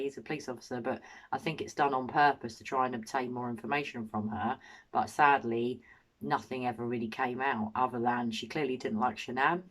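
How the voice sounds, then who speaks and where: Low-voiced indignant English woman. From England. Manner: indignant, full of rhetorical questions. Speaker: true crime channel host. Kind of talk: opinionated true crime commentary.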